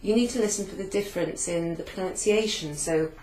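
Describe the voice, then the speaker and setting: A lowish, slightly mellow female voice moves a little quickly through a recap of a beginner Italian class, explaining patiently and repeating phrases. Between points she writes on a whiteboard, sometimes facing away, in an echoey room with a faint background hum.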